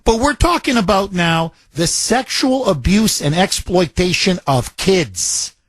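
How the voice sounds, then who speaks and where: A man's voice: high voice, animated, unhurried, a bit bright, slightly rough, no room sound. A man hosting a talk radio show, delivering a combative, mocking monologue.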